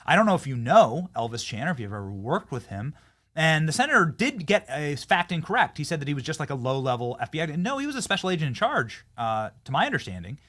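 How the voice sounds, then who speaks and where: A man from Iowa hosting a political talk show, reading an ad and joking with a guest in an animated way. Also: a little high, quick pace. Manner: animated, jokey, trailing restarts. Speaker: host. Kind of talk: podcast ad read and interview.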